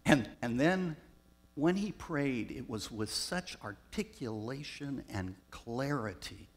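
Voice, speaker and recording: A man, a pastor raised in Southern California, telling personal stories in a reflective sermon with pauses. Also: mid-range voice, lively intonation. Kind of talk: storytelling sermon.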